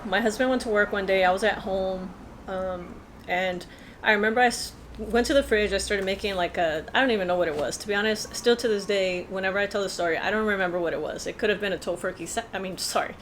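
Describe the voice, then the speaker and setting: A woman's voice: medium pitch, a little fast, a little hiss or hum. A woman vlogger telling a personal story in a casual, earnest, rambling way with many fillers.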